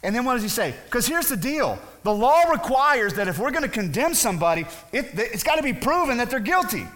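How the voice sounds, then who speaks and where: A man's voice: very high voice, very animated, fairly quick, a bit bright. A male pastor preaching a conversational sermon, briefly acting out the voices of the people in his story. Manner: conversational, acts out voices of the crowd.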